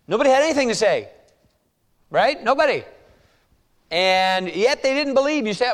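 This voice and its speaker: A male pastor preaching a sermon, reading scripture slowly and pressing his point with rhetorical questions. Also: high-pitched, big pitch swings. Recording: long reverb of a hall.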